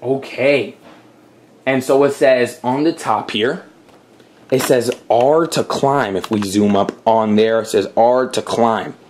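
A man's voice: medium pitch, slow pace, darkish tone, slight background noise. A man hosting a casual game walkthrough, chatting to viewers and apologizing for slips along the way. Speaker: gameplay host.

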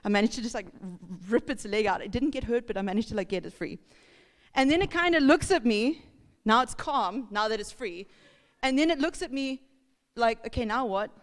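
A woman pastor, telling a lively story in a casual sermon, laughing and acting out sounds. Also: a little high, a little fast. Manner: chatty, laughing, acts out sounds and voices. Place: church hall. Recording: reverberant church hall.

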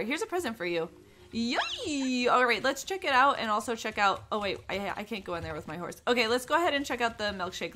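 A woman's voice: a little high, pushed and bright. A young woman casually commenting on her gameplay, bubbly and gushing, full of "oh my gosh" and "like". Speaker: gaming YouTuber.

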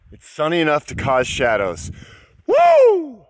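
A man's voice: mid-range voice, normal speed, fairly bright tone, no room sound, clean studio sound. Upbeat male vlogger, casual talk to a handheld camera outdoors, ordinary mid voice. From United States. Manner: chatty, upbeat, laughs often. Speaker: bikepacking vlogger. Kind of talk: casual travel vlog to camera. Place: outdoors on country roads.

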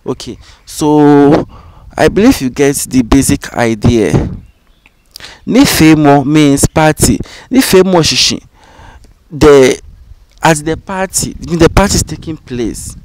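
A man, his voice sitting a little high, walks through a vocabulary drill at an unhurried pace. He says every word and its meaning twice, calm and patient. The sound is dry and close, with no room around it. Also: no echo, low-quality recording. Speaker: language teacher. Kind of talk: slow, repetitive vocabulary drill.

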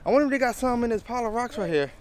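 A father vlogging outdoors beside a drained pond with his young daughter, excitable and coaxing. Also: very high voice, very fast. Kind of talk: casual outdoor vlog.

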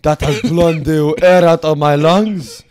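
A man's voice: fairly high pitch, fairly even intonation, a little slow, a little mellow, voice pushed up, close to an everyday voice. A man voicing a pompous male French business investor in a put-on French accent, haughty and bossy as he haggles.

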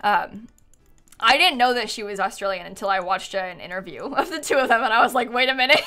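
A chatty young woman streaming a game from her desk, her voice bright and clear. She swings up and down a lot as she talks and keeps breaking into giggles. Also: mid-range voice, lively intonation, fairly quick. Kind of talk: casual live-stream chat while playing a life-sim game.

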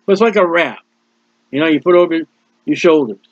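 A man's voice: a little high, fairly quick, dry recording. A man preaching a sermon, explaining scripture plainly and reading out the verses in turn. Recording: dull dry lo-fi recording.

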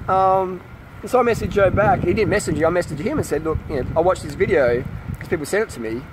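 Against background noise, a man vlogs a heated, defensive rant, swearing and asking the same questions over and over. His voice is high and sing-song, and he talks fast.

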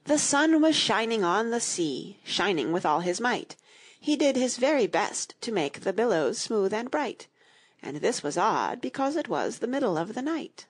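Breathy woman reading verse aloud. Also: medium pitch, normal speed. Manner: expressive, rhythmic verse reading. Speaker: audiobook narrator. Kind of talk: children's audiobook reading.

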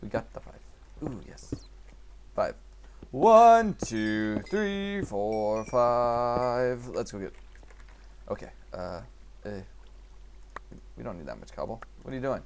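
A man commentating his own gameplay, talking to himself and swinging from quiet mutters to excited shouts. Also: on the low side, normal speed, creaky, long pauses, slight background noise. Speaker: gaming youtuber.

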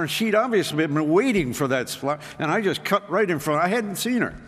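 A man giving a folksy, self-deprecating storytelling talk with frequent restarts. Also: a little high. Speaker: speaker. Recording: reverberant hall.

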